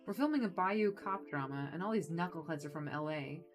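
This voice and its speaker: Woman doing a loud, rude, hyper little male director in a game, barking orders. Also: on the low side, animated, brisk, music in the background, close to an everyday voice. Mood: brash. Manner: brash, shouty, condescending. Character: small energetic rude male film director.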